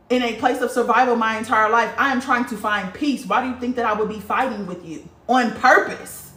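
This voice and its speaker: This woman speaks on the high side, fairly quickly and with barely a pause, while she reads viewer comments on her casual spiritual stream. Her talk is frank, lively, and full of swearing, captured in a roomy space away from the microphone.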